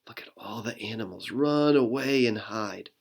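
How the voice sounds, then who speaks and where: A pastor reading a picture book aloud to children, playful and animated with sound effects, then leading a short prayer. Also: medium pitch, moderate pace, gravelly.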